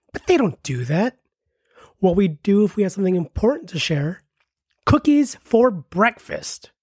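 A man in his mid-forties with a slightly husky voice delivers a scripted comedy ad with a wry, self-deprecating tone. The sound is dry and close, with no room around it. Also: on the high side, a little mellow, dry recording. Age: 40s. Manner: self-mocking, rambling asides. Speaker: comedy podcast promo reader. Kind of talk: jokey scripted ad read.

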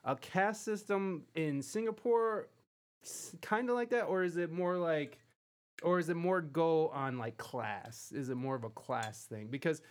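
A man's voice: fairly high pitch, unhurried. A male host in a casual interview, talking in a rambling, profane way with many fillers and restarts. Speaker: podcast host.

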